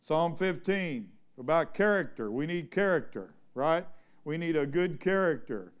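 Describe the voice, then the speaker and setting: A man preaching a casual sermon, talking with the congregation and reading from the Bible. His voice sits a little high for a man and sounds smooth and clear. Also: expressive, a little slow. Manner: folksy, conversational, asks the congregation questions. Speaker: pastor.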